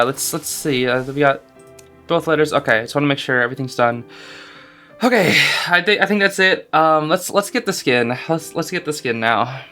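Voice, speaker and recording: A young man with a slightly higher voice talks through a game in casual commentary, earnest and gently sentimental. He laughs easily between thoughts. Soft game music sits faintly behind him. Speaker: gaming YouTuber.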